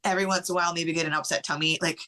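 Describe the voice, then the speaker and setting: A middle-aged woman, a podcast guest, tells a personal story in an animated way, acting out what others said, with many "like" fillers. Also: fairly low pitch, racing.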